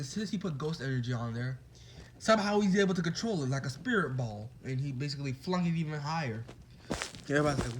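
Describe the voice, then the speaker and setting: Young man, slightly high voice, rambling fan storyteller, excitable, lots of fillers. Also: slight background noise. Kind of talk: casual fan-fiction retelling.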